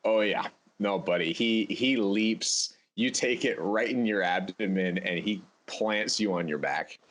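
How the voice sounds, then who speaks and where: Low-voiced man running a tabletop game. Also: a little slow. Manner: relaxed, laughs often. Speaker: game master.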